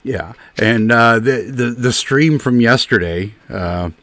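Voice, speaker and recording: A man's voice: mid-range voice, slow pace, a bit bright. A man hosting a live stream, chatting casually with a guest, teasing and joking with lots of fillers. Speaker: stream host.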